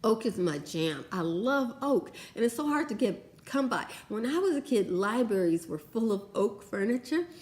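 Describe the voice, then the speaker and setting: A woman's voice: moderate pace, hardly any pauses. Gushing, chatty woman vlogger. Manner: chatty and gushing, lively swings in pitch. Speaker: beauty vlogger. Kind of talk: casual product review chat.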